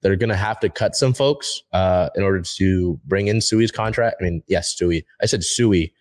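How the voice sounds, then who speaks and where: Low-voiced man hosting a sports talk show. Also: normal speed, dry recording. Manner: rambling, many fillers and restarts.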